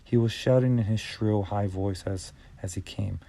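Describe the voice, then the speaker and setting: A man narrating an audiobook in a measured reading style with small stumbles and restarts. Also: lowish voice, fairly even intonation, creaky, dark tone.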